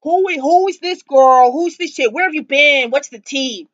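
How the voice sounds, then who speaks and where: A brash, sassy young woman scolding her boyfriend, as a woman puts her on, firing off demanding questions in a raised, high voice. The sound is dull and a little muffled. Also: moderate pace, fairly bright tone, no room sound.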